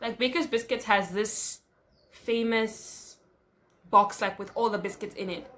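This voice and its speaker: A young woman telling a personal story in a casual, animated way, acting out what people said. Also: a little slow. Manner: animated, acts out quotes with big pitch jumps. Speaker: storyteller vlogger.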